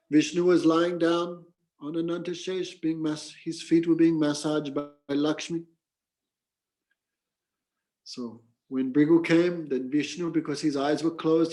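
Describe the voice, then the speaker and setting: A man with a somewhat high voice teaches a scripture class. He explains patiently in simple words. His teaching is woven with stories and bursts of chanted mantras. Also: dark tone. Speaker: spiritual teacher.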